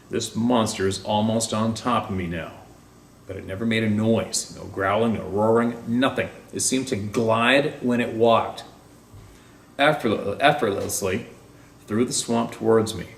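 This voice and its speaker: A man narrating a first-person encounter story in a tense, dramatic way, sometimes dropping to a hush. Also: on the low side, creaky, a little hiss or hum. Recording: roomy, distant mic with faint ambience.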